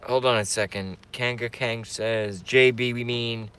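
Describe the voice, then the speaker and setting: A man's voice: mid-range voice, steady tone, unhurried, fairly bright tone, smooth. A middle-aged man live streaming, rambling brashly in a crude, stop-start way to his chat. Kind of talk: casual live-stream rant.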